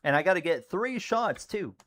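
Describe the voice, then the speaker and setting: A man giving casual live commentary on his racing game and chatting with viewers, rambling easily and breaking into loud excited yelling at close moments. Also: high-pitched, normal speed.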